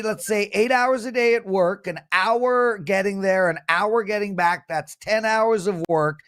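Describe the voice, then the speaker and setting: Slow-talking sports betting show host. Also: male voice, sits high, lively intonation, fairly bright tone. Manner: chatty, mocking, reads viewer comments aloud. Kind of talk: casual panel talk.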